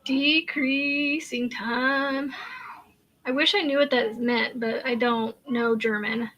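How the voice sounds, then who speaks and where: A woman's voice: sits high, steady tone, slow, a bit bright, lo-fi sound. A woman from Kansas hosting a crochet live stream, chatting casually, laughing often and answering viewer comments as she works. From Kansas, USA. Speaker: crochet channel host.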